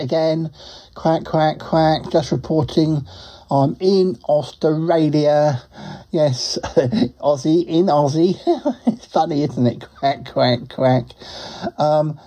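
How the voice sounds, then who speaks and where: Chatty quacking duck guy , a man putting it on, rambly and giggly, mellow warm voice. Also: a little high. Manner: rambling and giggly, tacks quacks onto his sentences. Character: chatty, good-natured male talking duck on his travels. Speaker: roving reporter. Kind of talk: comic character monologue.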